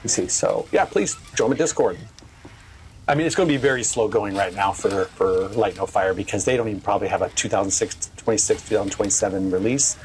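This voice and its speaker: Chatty streamer with a low voice. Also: male voice, a little fast, darkish tone, a little hiss or hum. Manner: rambling and chatty, with frequent fillers and restarts. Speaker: game streamer. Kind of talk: casual live-stream chat.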